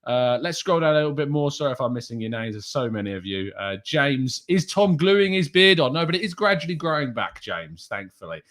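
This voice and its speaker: A man's voice: medium pitch, big pitch swings, a little fast, hardly any pauses, a bit bright. A man from England hosting a live show in a casual, chatty way, greeting viewers by name. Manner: chatty, reads out viewer names, slips into a put-on northern accent. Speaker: podcast host.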